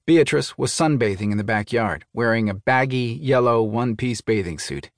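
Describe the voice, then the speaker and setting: A man narrating a first-person thriller audiobook in a measured, even storytelling manner. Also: medium pitch, dry recording, studio quality.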